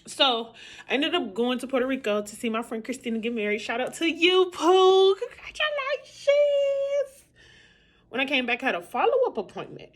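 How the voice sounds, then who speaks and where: A woman's voice: fairly high pitch, lively intonation, fast talker, fairly bright tone. Chatty, candid woman vlogging to camera. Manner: chatty, candid, talks straight to viewers. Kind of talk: casual chat to camera.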